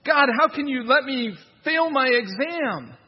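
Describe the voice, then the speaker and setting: A man's voice: very high voice, expressive, measured pace, big-room sound, muffled recording, voice pushed up. A man voicing a whiny young man who complains and blames God for his own troubles. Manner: complaining, exasperated.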